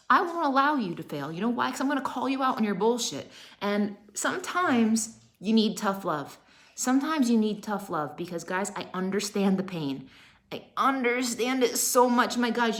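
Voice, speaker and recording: A woman's voice: on the high side, fairly bright tone. A woman in her thirties, a fitness coach giving an emphatic motivational talk on a live stream, repeating her rallying phrases.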